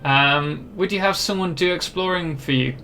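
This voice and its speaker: His voice sits high and sounds pushed and bright, at a normal speed, with a faint hiss or hum underneath. He's a young British man doing casual live-stream chat during a game, self-deprecating and rambling, often restarting with plenty of ums.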